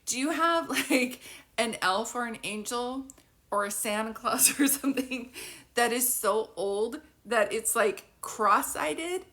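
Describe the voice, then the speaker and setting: A woman's voice: a little high, a little slow, a bit bright. Chatty woman giving a psychic reading. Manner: chatty and informal; laughs often. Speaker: psychic medium. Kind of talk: live spirit reading.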